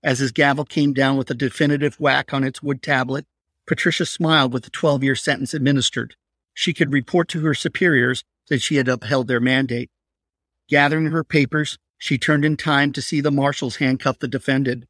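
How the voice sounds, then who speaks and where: A man reading aloud from his crime thriller in a steady, measured narration. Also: medium pitch, dry recording, studio quality. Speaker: author reading his novel.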